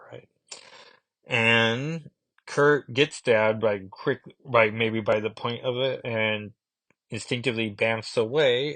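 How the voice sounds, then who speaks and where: Guy rambling about comics, lots of ums and likes, lowish voice, dry sound. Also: a bit bright, dry recording. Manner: rambling, chatty, many fillers and asides. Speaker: comic book reviewer. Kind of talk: casual review podcast.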